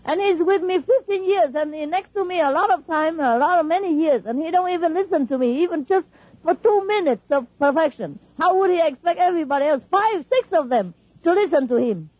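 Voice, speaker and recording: A woman's voice: very high-pitched, expressive, fairly quick, darkish tone, dry recording, highs cut off. A woman spiritual teacher talking informally and emphatically to her followers, laughing often and speaking in non-standard English.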